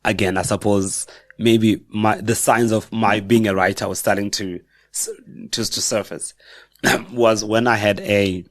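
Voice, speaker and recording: A middle-aged man with a South African accent speaks in a fairly low voice, telling personal stories as a podcast guest. He talks reflectively and haltingly, often correcting himself mid-sentence. The sound is dry and close, with little room reflection. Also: fairly even intonation, no echo. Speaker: guest author. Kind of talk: personal storytelling in a podcast interview.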